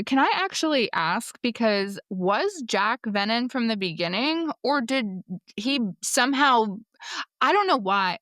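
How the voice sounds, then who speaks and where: A woman's voice: medium pitch, fairly bright tone, dry recording, clean studio sound. A young woman co-hosting a book podcast in casual chat, hesitant and asking questions. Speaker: podcast co-host.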